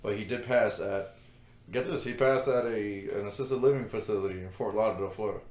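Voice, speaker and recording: A man co-hosting a podcast in casual chat, relaxed, reading out what he is looking up. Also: fairly low pitch, brisk, echoey room. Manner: relaxed, reads facts aloud while looking them up. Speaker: podcast co-host.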